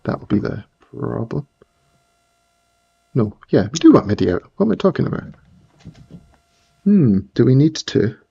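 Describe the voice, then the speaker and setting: Gravelly man with a mild Scottish accent. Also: mid-range voice, very animated, normal speed, pauses often, lo-fi sound. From Scotland. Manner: chatty, rambling, frequent restarts. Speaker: livestream host. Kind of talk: casual chat while working.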